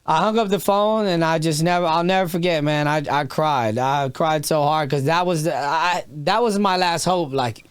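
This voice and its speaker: A man's voice: a little high, moderate pace, few pauses, clear, resonant tone, dry recording, clean studio sound. A man in his thirties, a podcast guest telling a raw, emotional story, swearing freely and restarting his sentences. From Texas. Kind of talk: candid storytelling interview.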